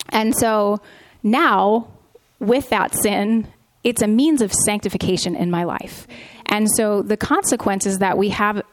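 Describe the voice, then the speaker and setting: A woman co-hosting a Christian talk show, earnestly sharing her own story with frequent pauses and restarts. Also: medium pitch. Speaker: podcast co-host. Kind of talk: candid Christian testimony.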